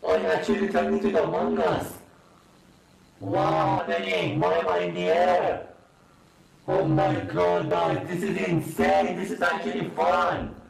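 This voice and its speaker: A man's voice: high voice, a little slow, voice pushed down, heavily acted. A man voicing a panicky young man turned into a game creature, his voice distorted. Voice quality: distorted, gravelly. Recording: echoey from far off with crowd noise.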